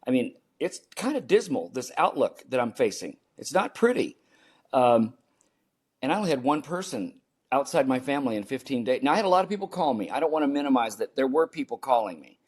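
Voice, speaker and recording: A man's voice: mid-range voice, very animated, fairly quick, slightly rough. Earnest older man telling a story. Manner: earnest, repeats key phrases for emphasis. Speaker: podcast guest. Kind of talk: personal storytelling in an interview.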